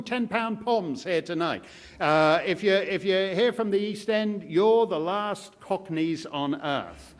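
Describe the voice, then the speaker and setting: A man lecturing to a live audience, his voice sitting a bit high for a man and swinging widely in pitch. He delivers it with dry, sardonic wit. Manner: wry, sardonic humor. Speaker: public speaker. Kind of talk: public lecture. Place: live speaking event before an audience.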